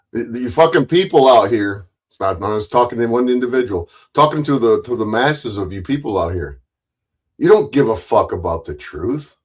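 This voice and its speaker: With a breathy edge to his mid-range voice, a man streams an angry ranting monologue. Blunt and full of swearing, he repeats himself, frequently restarts, and imitates others mockingly.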